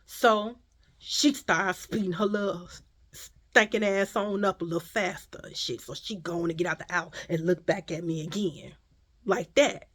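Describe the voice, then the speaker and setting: A woman telling a casual, profane story in an emphatic, animated way. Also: fairly low pitch, normal speed.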